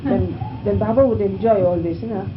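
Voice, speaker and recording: An older woman recalling a story from her past in a lively way, growing louder and more excited as she tells it. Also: medium pitch, brisk. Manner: lively, grows excited and loud when recalling the scare. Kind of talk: reminiscing anecdote. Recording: muffled, noisy archive recording.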